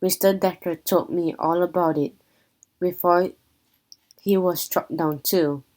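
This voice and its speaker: A woman voicing a calm, firm woman school principal who speaks in a measured, authoritative way in a storybook reading. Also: fairly low pitch, close to an everyday voice, rough recording.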